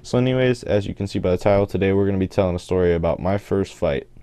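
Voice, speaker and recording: A man's voice: low voice, quick pace, dark tone, clean tone, no echo. A teenage boy telling a rambling story over gameplay footage, often correcting himself as he goes. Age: teens. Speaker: gaming channel host.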